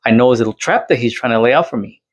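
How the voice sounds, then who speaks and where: Responding to a fellow creator, this channel host from Latin America vents on camera in an exasperated, casual rant full of rhetorical questions. He talks rapid-fire, at a medium pitch, with a slightly rough voice.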